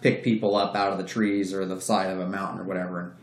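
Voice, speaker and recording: A man's voice: deep voice, flat delivery, fast talker. A man telling a story in a casual, profane way, acting out the voices of the people he quotes. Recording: roomy echo.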